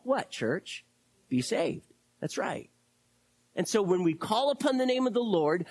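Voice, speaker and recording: A pastor preaching a sermon to a congregation, animated and repeating words, dropping to a hush at times. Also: mid-range voice, breathy edge, no echo.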